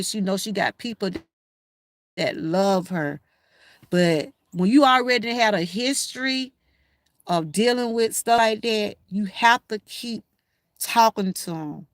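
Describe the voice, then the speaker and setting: A woman's voice: medium pitch, no echo, studio quality. An older woman with a Southern Georgia accent, hosting a casual livestream and talking straight to her viewers in a folksy way. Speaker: livestream host.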